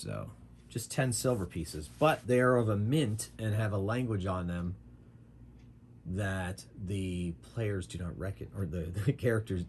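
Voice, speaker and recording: A man's voice: low voice, a little mellow, a little hiss or hum. A man narrating a solo tabletop game as game master, in a casual manner that thinks aloud.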